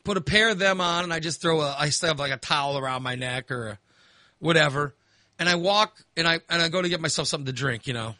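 Bright, animated, crude male storyteller. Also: fairly high pitch, fast talker, no room sound. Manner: animated, crude, swearing, exasperated. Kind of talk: casual storytelling chat.

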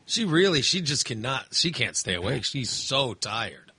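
A middle-aged man telling rambling, animated stories in casual chat as a podcast co-host. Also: mid-range voice, normal speed, breathy edge, no room sound. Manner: rambling, animated storytelling with restarts.

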